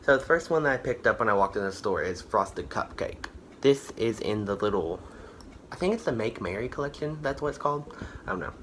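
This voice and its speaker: A man's voice: mid-range voice, big pitch swings, fairly quick, fairly bright tone, a little hiss or hum. A man chatting casually through a candle haul, rambling with lots of fillers and self-corrections, a bit tired and out of breath. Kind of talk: casual product review chat.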